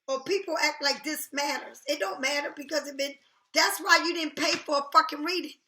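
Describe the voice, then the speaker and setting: A woman with a high, bright voice, talking to her viewers as a tarot reader. She is blunt, heated and freely profane. The sound carries an echo from the room. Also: a little fast. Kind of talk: casual direct-to-camera rant. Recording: echoey room.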